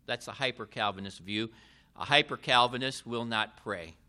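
A man preaching a sermon in a deliberate way, with emphatic rises and falls. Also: medium pitch, pushed and bright.

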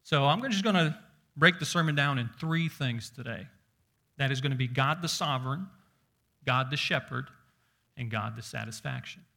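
A man's voice: mid-range voice, normal speed, creaky, bright, forceful tone. A man preaching a sermon as pastor, emphatic and stressing single words, reading scripture aloud with rising force.

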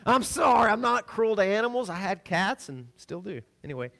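A middle-aged man from the American South preaching a sermon, telling stories with laughs and sudden swings between loud and soft. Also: high-pitched, sing-song, a little fast, gravelly. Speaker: pastor.

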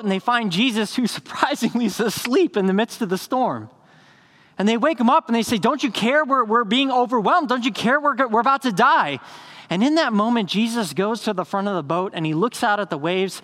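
A man preaching a sermon as a pastor, earnest, telling stories with rising excitement and dropping to hushed, slow emphasis. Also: sits high. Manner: earnest, builds to excited storytelling then slows to hushed emphasis.

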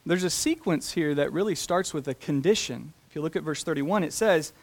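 Guy preaching, kinda high voice, slow and emphatic on the big words. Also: gravelly. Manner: deliberate and emphatic, slowing down to stress scripture. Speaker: pastor. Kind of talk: sermon.

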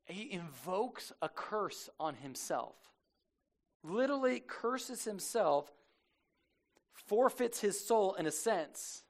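A man preaching a casual sermon as a lively storyteller, slangy and animated, acting out the people he quotes. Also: sits high.

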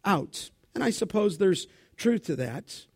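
A high-voiced man preaching in church. He quizzes his listeners and fills in the answers himself, then lifts into loud, dramatic scripture reading. The recording is close and dry, with almost no room sound. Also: big pitch swings, unhurried, breathy edge, no echo. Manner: asks the congregation questions and answers them; dramatic Bible reading, rising loud for quotes. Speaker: pastor. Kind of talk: sermon.

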